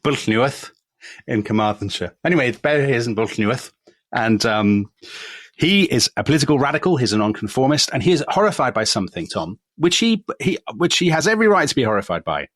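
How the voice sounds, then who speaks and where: A man's voice: mid-range voice, sing-song, quick pace, a bit bright, dry recording. An English man co-hosting a history podcast, telling the story in a chatty way with self-deprecating asides. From England. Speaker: co-host. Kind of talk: casual history podcast chat.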